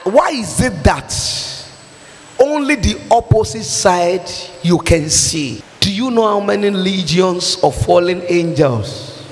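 A Nigerian man preaching an impassioned sermon, firing off rhetorical questions and shouting his points. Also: high-pitched. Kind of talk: fiery sermon. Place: church hall. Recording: long hall reverb.

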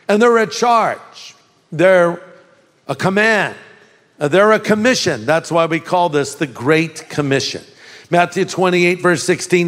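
An older man preaches with folksy warmth and firm, repeated emphasis. His voice sits fairly high for a man, and it rings with a long hall reverb. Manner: folksy storytelling with laughs and emphatic repetition. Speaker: pastor. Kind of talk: sermon.

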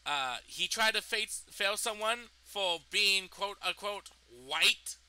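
Expressive and slow, a young adult vlogger's high voice carries a sharp yet smooth tone as he indignantly retells a personal story, swearing as he pleases. The recording is of low quality.

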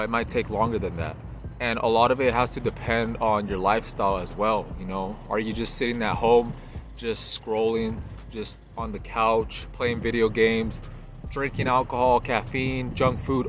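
Casual male vlog host, slangy and relaxed, slightly winded, mid-pitched voice, traffic audible behind. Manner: laid-back, slangy, says "bro" and "right?" a lot. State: a little out of breath after a workout. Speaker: channel host. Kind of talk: casual vlog talk to camera. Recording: clear outdoor traffic noise.

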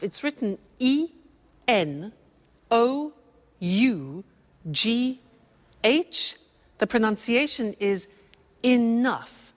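A woman teaching English in a slow, deliberate way, spelling words out and playing both sides of small example exchanges. Her pitch swings widely as she stresses each point. Her voice carries a long reverb from the room. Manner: deliberate, spelling out words and acting out little dialogues. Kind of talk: slow classroom explanation.

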